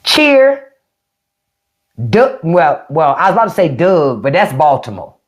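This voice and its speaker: A woman's voice: deep voice, big pitch swings, darkish tone. A middle-aged woman from the Washington DC area, chatting casually as a livestream host. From DMV area (Washington DC region). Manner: chatty, drawn-out word play, frequent laughs.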